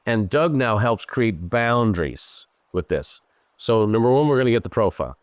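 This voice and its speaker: A middle-aged Irish man hosting a show, coaching a guest in an animated, emphatic way. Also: medium pitch, normal speed, no echo, clean studio sound. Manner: animated, emphatic, slips into playful voices for others. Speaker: host and business coach. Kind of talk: live coaching Q&A.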